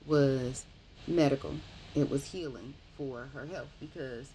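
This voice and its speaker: A woman casually retelling a book's plot in a rambling, animated way, often correcting herself. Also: very deep voice, measured pace, a little hiss or hum, rough recording. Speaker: book reviewer. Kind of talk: casual book review.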